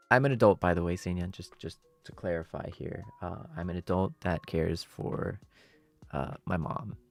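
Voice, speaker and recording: A man's voice: low voice, creaky, darkish tone. A young adult man streaming and chatting casually with his viewers, rambling through his thoughts with many fillers and breaking into playful melodrama.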